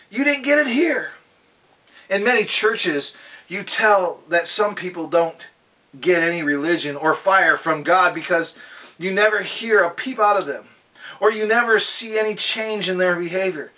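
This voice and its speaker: A man leads a daily devotional, his voice high, bright and strong, and he tells folksy little stories throughout. He comes across as a little removed from the microphone.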